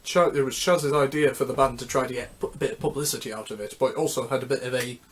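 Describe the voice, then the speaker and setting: A man hosting a music history video, talking casually and unscripted, rambling and halting with many restarts. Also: medium pitch, fairly bright tone.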